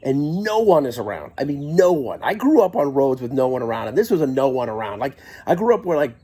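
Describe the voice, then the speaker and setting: A man's voice: mid-range voice, very animated, fairly quick, mellow, breathy edge. A middle-aged man casually telling a rambling first-person story, with wry asides and frequent self-corrections.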